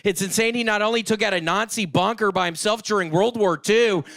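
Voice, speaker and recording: A man doing a short stand-up set on a comedy club stage, shouting jokes erratically and giggling at his own punchlines. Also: high-pitched, a little fast, gravelly. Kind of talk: one-minute stand-up set.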